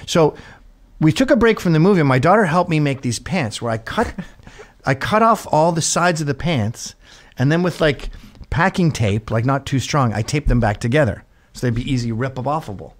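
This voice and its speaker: Middle-aged male host, comic storyteller, high-ish voice that swings widely, laughs a lot. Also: normal speed. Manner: lively, laughs often, acts out voices of others. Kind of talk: animated comedic storytelling.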